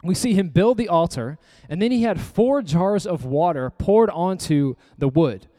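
Earnest preacher in a reverberant hall. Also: male voice, high voice, animated, a little slow, warm tone. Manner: earnest, conversational preaching with rhetorical questions. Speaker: pastor. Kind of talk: sermon with scripture reading.

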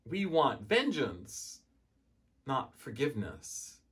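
A man's voice: medium pitch, huge pitch swings, slow, a bit bright, husky. A man preaching a sermon in a conversational, storytelling way, briefly acting out voices from the parable.

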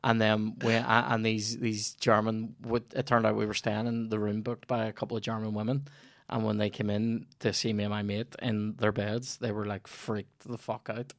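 Northern Irish male host, swears freely, spins lively yarns, dead-dry recording. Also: lowish voice, moderate pace, vocal fry, no room sound. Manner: sweary, animated anecdote telling. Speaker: podcast host. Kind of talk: casual comedy podcast chat.

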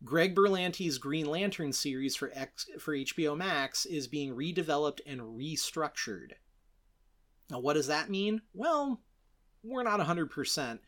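A man in his thirties runs an entertainment news podcast in a loose, conversational way. His voice sits a bit on the high side. He turns animated and sarcastic as he calls out companies by name. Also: measured pace. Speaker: podcast host. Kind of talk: casual news commentary podcast.

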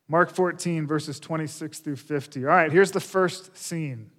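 Earnest pastor preaching in a reverberant hall. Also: male voice, fairly high pitch, unhurried, fairly bright tone. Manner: earnest, addresses listeners directly. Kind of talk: sermon. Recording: long reverb of a large hall.

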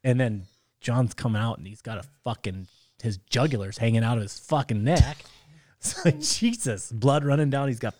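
A man's voice: medium pitch, expressive, normal speed, a little mellow. A man chiming in on a friends' story in casual chat, swearing and laughing along.

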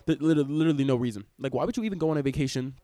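A young man hosting a podcast, rambling excitably and swearing freely as he records in public on a cruise ship. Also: mid-range voice, rapid-fire, no room sound. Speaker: podcast host. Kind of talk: casual podcast chat. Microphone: wearing headphones, laptop recording.

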